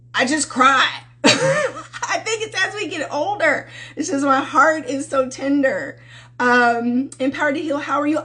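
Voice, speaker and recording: Woman, love coach, live-stream host, casual affectionate chat, fairly high voice. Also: fairly bright tone. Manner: affectionate, greets viewers by name and calls them sweetheart.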